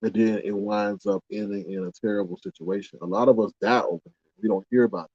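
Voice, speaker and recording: A man chatting casually on a livestream in a dark, mellow voice, rambling and exclaiming with indignant rhetorical questions. The room sounds dry and close, and the recording comes through dull and muffled. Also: lowish voice, fairly even intonation, quick pace, no echo. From United States. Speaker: livestream host reading chat.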